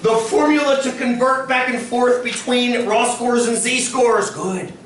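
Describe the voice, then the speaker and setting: A man's voice: very high voice, a little slow, a little hiss or hum. A man teaching a statistics class, lecturing and quizzing his students. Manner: lively, quizzing students often. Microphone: distant room recording. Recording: echoey classroom from a distance.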